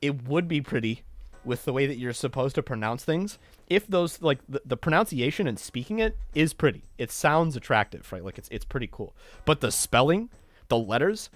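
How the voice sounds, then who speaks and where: A man's voice: medium pitch, animated, normal speed, dry recording, soft background music. A man streaming a game and chatting casually, breaking into heated, swearing rants. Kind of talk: casual gameplay commentary.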